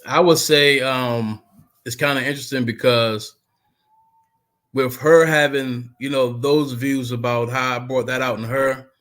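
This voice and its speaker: A man in the middle of the male range talks as a podcast guest over a video call. His speech is animated and emphatic, and it rambles along with lots of "you know" between the points. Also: mid-range voice, unhurried. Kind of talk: casual conversation.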